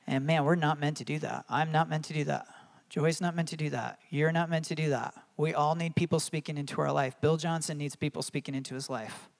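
A man's voice: on the high side, fairly even intonation, a little fast, vocal fry. Earnest, chatty male pastor preaching. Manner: earnest and conversational, laughing at his own stories. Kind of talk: sermon.

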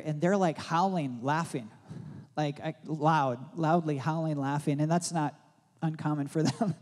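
Man preaching in a reverberant sanctuary. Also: fairly high pitch. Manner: rambling storytelling with many fillers and restarts; grows loud and excited in the retelling. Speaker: pastor. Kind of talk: sermon.

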